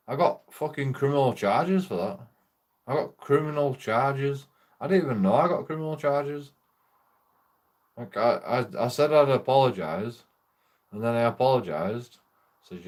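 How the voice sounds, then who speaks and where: A man's voice: mid-range voice, expressive, moderate pace, darkish tone. A young man, talking in a rambling, sweary way and laughing through his stories as he chats. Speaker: streamer. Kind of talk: rambling casual chat.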